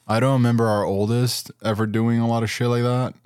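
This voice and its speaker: Crude deadpan man on a podcast. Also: mid-range voice, brisk, clear, resonant tone, no echo, clean studio sound. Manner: crude, profane, deadpan jokes. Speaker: podcast co-host. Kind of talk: casual chat.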